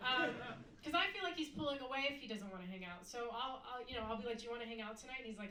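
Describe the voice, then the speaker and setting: A woman's voice: fairly high pitch, expressive, very fast, recorded from a distance, crowd noise. An American woman performing a stand-up comedy set on a club stage, wry and playful, mimicking other people in her jokes. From United States. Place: comedy club stage before a live audience. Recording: roomy club sound, loud audience laughter.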